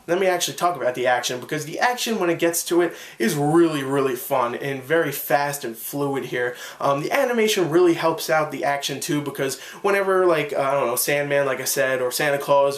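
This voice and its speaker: A man's voice: a little high, a little fast, few pauses. A young man giving an enthusiastic, rambling casual film review, full of fillers and restarts. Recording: echoey room.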